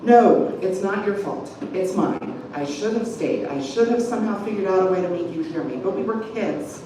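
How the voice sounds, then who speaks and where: A woman's voice: mid-range voice, normal speed, mellow, natural voice. A woman voicing an upset young man, echoey. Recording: echoey room from far off, background noise.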